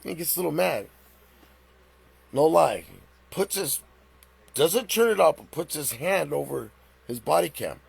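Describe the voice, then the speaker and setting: A middle-aged man hosts a live stream and retells a story in loose, animated chat. His voice is raspy and husky, with a heavy gravel, and sits a little high for a man. He trips and restarts as he goes. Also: a little slow, pauses often, dry recording. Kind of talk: casual storytelling.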